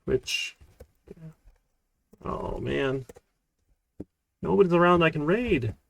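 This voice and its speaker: A man, a college programming instructor, giving a casual live-streamed lecture in a relaxed, rambling way with lots of fillers. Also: a little high, takes it slowly, creaky.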